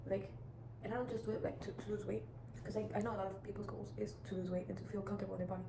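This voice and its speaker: Racing through casual advice, a teen girl vlogs in a chatty, wandering style, full of restarts and "like" fillers, repeatedly circling back. Her pitch barely moves. Background noise is clear beneath a roomy, echoey recording.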